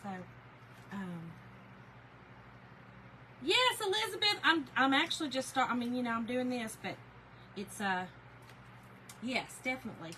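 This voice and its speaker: A chatty woman with a Southern US accent hosts a crafting livestream, talking straight to her viewers in a folksy, easygoing way and laughing often. A steady hum of background noise sits clearly under her voice. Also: on the high side, measured pace, long pauses, rough recording. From Georgia, US South. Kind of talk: casual livestream chat.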